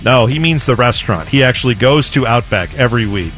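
Radio co-host, man, lively sing-song telling, jokey, faint music bed. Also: medium pitch, fast. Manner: jokey, storytelling, chuckling. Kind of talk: casual radio banter.

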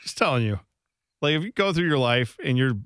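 A man's voice: medium pitch, lively intonation, brisk, over music. A man co-hosting a radio show, joking around in casual banter. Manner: joking, puts on silly voices. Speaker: radio co-host.

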